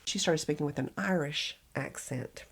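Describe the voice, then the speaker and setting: Southern woman podcast co-host, lower pitch, chatty storyteller who laughs a lot. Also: moderate pace. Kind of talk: casual chat.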